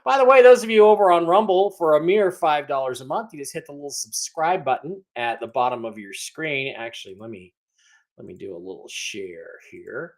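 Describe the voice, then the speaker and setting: A man hosts a casual livestream, greeting viewers in the chat and teasing them in a rambling way. His voice is a little high and he speaks fairly quickly.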